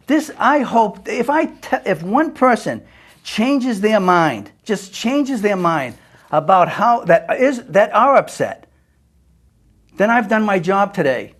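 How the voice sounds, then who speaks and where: An older man from the United States giving an earnest personal monologue. He speaks emphatically, swinging between forceful and hushed. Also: sits high, big pitch swings, takes it slowly.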